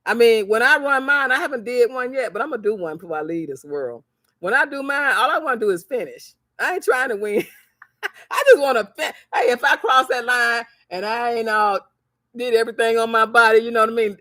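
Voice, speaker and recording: A woman's voice: fairly high pitch, a little fast, bright, forceful tone, dry recording, studio quality. A woman talking to her viewers in a motivational livestream, telling stories animatedly, acting out the voices of the people in them, and repeating phrases for emphasis like a preacher. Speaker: crafts seller and vlogger.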